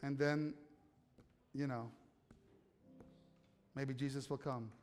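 A man's voice: medium pitch, steady tone, takes it slowly, darkish tone, soft background music. A man preaching a sermon as pastor, telling stories conversationally and putting questions to the congregation. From United States. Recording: long hall reverb.

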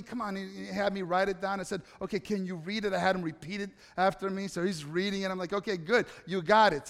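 A man's voice: high-pitched, fairly bright tone. A man preaching a casual, story-driven sermon to his congregation, often restarting with repeated words. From Italy. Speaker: pastor. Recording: long hall reverb.

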